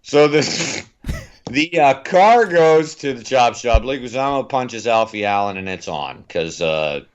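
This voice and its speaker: A man's voice: mid-range voice, expressive, a little slow, clean tone, muffled recording. A man co-hosting a film podcast, chatting casually and rambling with frequent restarts. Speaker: podcast co-host.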